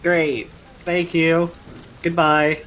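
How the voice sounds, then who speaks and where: A woman's voice: sits low, flat delivery, very slow, fairly bright tone. A woman playing a detective in a tabletop game, playful and giggly. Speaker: player.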